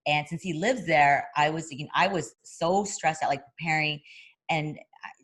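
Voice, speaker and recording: Slightly rough and low, this woman's voice moves at a moderate pace. She's a boxing broadcaster and interview guest in a casual chat, telling a story animatedly, voicing the quotes herself, and often using fillers and restarting sentences.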